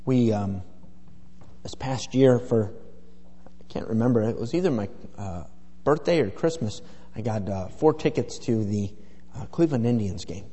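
A man's voice: on the low side, lively intonation, normal speed, warm tone, husky. A middle-aged man preaching a sermon in a folksy, rambling storytelling way full of fillers. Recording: echoey hall with long reverb.

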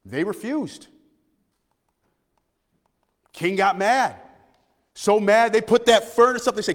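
Preacher guy, high voice, goes loud then real quiet, big echoey church. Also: takes it slowly, pauses often. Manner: swings between loud preaching and hushed, quiet lines. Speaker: pastor. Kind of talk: sermon.

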